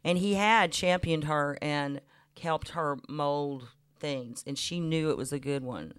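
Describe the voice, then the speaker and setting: A woman's voice: low-pitched, slow, clear, resonant tone. Laughing storyteller woman in her fifties. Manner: warm laughing anecdotes, mimics voices. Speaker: guest musician. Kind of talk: chatty storytelling interview. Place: radio studio.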